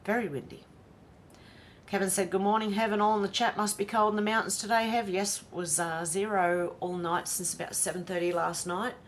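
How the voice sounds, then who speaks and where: A woman's voice: mid-range voice, level tone, fairly quick, slight background noise. An Australian woman hosting a casual livestream, reading viewer comments aloud and greeting each by name. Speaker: livestream host reading chat.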